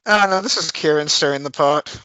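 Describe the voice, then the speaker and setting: A man's voice: fairly high pitch, a little fast, sharp tone, clean tone, no room sound. A man co-hosting a podcast in casual chat, arguing his point and laughing often. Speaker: podcast co-host. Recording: dull, dry lo-fi audio.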